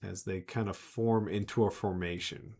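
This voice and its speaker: Man with a lowish voice as game master, loose and rambling narration. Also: fairly even intonation, normal speed, creaky, mellow. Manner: rambling, full of filler words and restarts.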